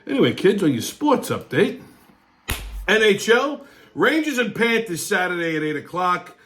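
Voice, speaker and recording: A middle-aged man hosting a weekly wrap-up show, ranting crudely and angrily, often breaking into shouts, then reading sports listings in a casual way. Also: high voice, very animated, moderate pace, slight background noise. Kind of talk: profane rant and casual show segments.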